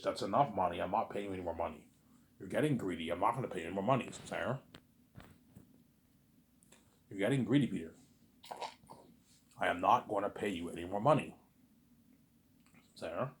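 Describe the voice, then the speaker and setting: A man rambling in a casual monologue, animated and repetitive, arguing with an imagined listener. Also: on the low side, fast talker. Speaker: vlogger.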